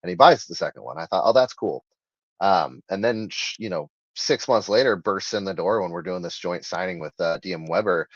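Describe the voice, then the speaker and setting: A low-voiced man, interviewed as an author, talks a little fast with hardly any pauses, recorded dry with slightly dull, lo-fi sound. He speaks casually in long, rambling sentences packed with fillers and restarts.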